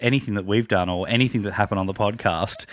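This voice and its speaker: A man's voice: on the low side, fast talker, dry recording. A man, co-hosting a podcast in casual chat, joking and laughing through his stories. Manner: jokey, laughs while telling stories. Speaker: podcast co-host.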